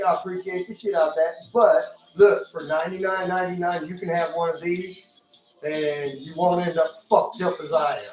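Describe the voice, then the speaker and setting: A man hosting a casual livestream, joking, cursing and reading out viewer comments. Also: a little high. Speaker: livestream host. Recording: echoey room, mic far off, music behind.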